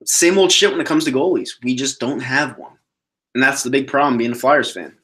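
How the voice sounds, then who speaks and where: A man hosts a casual solo sports podcast and answers viewer questions. He talks bluntly, swears freely and rants with animated energy. His voice sits at an average pitch for a man. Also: fairly quick. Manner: blunt, profane, animated ranting.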